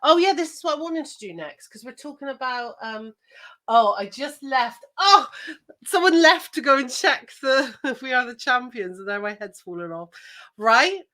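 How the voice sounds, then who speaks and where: A woman's voice: sits high, expressive, moderate pace, pushed and bright. A woman co-hosting a podcast, chatting casually, hopping between topics and laughing often. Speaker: podcast co-host. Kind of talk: casual chat.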